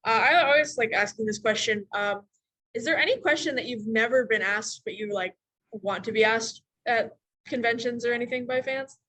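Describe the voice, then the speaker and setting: A woman's voice: on the high side, normal speed, sharp tone, rough recording. A woman moderating a convention panel, asking questions casually.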